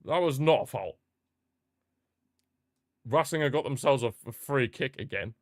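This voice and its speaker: A man hosting a live football watchalong, chatting excitedly, reacting to the match and answering viewer comments. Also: mid-range voice, measured pace, pauses often, dry recording, clean studio sound. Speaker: watchalong host.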